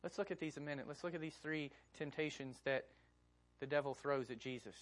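A woman's voice: deep voice, brisk. Woman preacher, emphatic sermon, keeps repeating lines and asking questions. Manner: emphatic, repeats key phrases, rhetorical questions.

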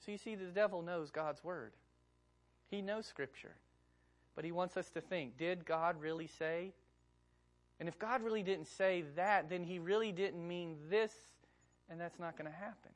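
A woman's voice: lowish voice, normal speed. A woman preacher delivering a sermon, emphatic and repeating key phrases with rhetorical questions.

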